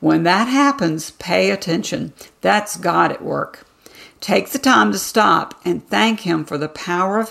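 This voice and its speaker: A woman hosting a devotional podcast, giving a scripted teaching in a calm, measured reading with deliberate emphasis. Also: fairly low pitch, vocal fry.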